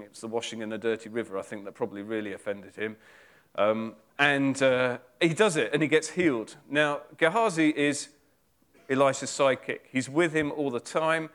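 A man's voice: medium pitch, a bit bright. A man preaching a sermon, retelling a Bible story in a chatty, informal way with fillers and asides.

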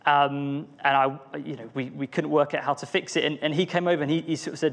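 A man's voice: fairly high pitch, flat delivery, brisk, creaky, hardly any pauses, fairly bright tone. A young man giving an earnest, personal devotional talk, often restarting his phrases. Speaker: preacher.

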